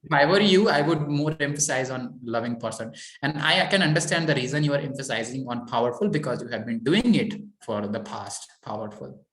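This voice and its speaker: A man's voice: mid-range voice, lively intonation, fairly quick, few pauses, a bit bright, echoey room. A man coaching a client on mindset, talking in a repetitive, encouraging way with many "okay"s. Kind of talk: coaching session.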